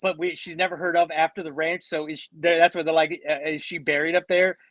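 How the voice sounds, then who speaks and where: A man's voice: fairly high pitch, little pitch movement, fast, a bit bright, dry recording, poor audio. A man co-hosting a casual podcast, rambling with many restarts and fillers. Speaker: co-host.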